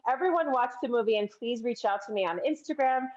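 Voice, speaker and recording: A woman's voice: a little high, quick pace, darkish tone, lo-fi sound. A woman filmmaker talking on a video call, telling stories in an earnest, chatty way with plenty of fillers. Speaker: filmmaker guest. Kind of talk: casual interview chat.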